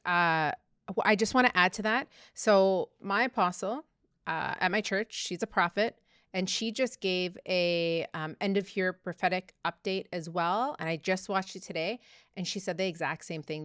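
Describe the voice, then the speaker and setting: A woman hosting a Christian channel, adding measured, affirming comments. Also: on the low side, fairly bright tone, no echo, clean studio sound. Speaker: channel host. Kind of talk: casual commentary.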